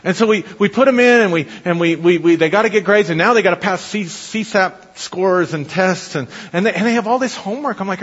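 A middle-aged man preaches with a husky, rather high voice, spinning anecdotes with frequent laughs and restarts. The sound is dull and lo-fi, with a long reverb trailing off the walls of a church hall. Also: fast talker, few pauses. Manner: animated storytelling, laughs often, repeats words. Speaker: pastor. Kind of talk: sermon.

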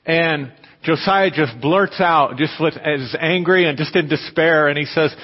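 A man in his thirties with a fairly high voice preaches to his congregation, chatting through a family story with plenty of restarts. The sound is dull and lo-fi, with a long reverb tail like a large church hall. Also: measured pace, breathy edge. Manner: storytelling, conversational with repeated restarts. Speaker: pastor. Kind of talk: sermon.

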